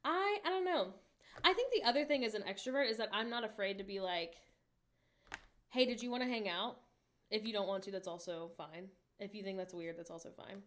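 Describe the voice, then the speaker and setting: Reading her viewers' messages out loud, this livestream host in her late twenties keeps things casual and candid, tossing in lively asides. She speaks at a quick pace with a medium-pitched voice.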